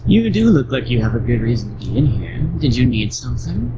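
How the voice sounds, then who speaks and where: A man's voice: mid-range voice, very animated, brisk, background noise, close to an everyday voice. A man voicing a creepy, smirking male partridge school doctor in a put-on sinister voice. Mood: cool.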